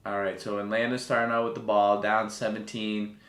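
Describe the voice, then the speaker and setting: A man's voice: fairly low pitch, level tone, fairly quick, fairly bright tone. Exasperated man ranting over a live game. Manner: sarcastic, profane, exasperated rants. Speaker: live game watch-along streamer. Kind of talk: casual live sports commentary. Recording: roomy echo.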